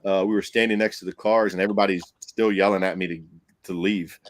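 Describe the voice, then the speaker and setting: Animated man telling a spooky story. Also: deep voice, quick pace, dry recording. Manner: animated, acts out quotes, laughs often. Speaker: paranormal investigator guest. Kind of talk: casual storytelling on a podcast.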